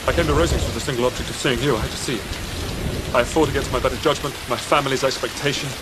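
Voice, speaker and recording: Heavy rain pours behind a man as a proud, tormented aristocratic gentleman in a period film. He rushes his formal confession in a middle-pitched voice, strained and urgent. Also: fairly even intonation, very noisy, close to an everyday voice. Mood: anguished.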